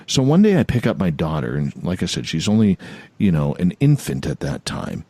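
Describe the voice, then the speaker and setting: A man in his forties hosts a radio talk show in a low voice that swings widely in pitch. He tells stories with animated repetition, recorded dry and close with no room echo. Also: brisk, slightly rough. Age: 40s. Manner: animated storyteller, repeats phrases. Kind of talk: casual storytelling chat.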